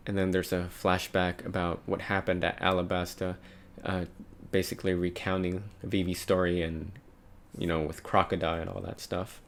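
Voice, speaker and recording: A man's voice: sits low, completely flat delivery, normal speed, creaky. A man casually reading a comic aloud and musing over it, with light voices for the quotes. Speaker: manga reader and commentator. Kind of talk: casual read-along commentary.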